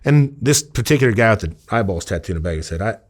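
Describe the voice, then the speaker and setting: A man's voice: lowish voice, lively intonation, quick pace. A man from Iowa, a former undercover officer, telling stories casually in an interview, rambling with many fillers and acting out quoted dialogue. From Iowa, USA.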